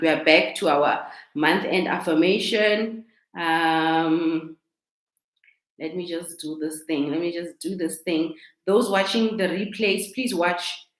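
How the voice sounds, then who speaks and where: A chatty woman with a South African accent, hosting a casual live stream as a coach and talking into a laptop microphone. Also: low-pitched. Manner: chatty, repeats herself, greets viewers warmly. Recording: echoey room.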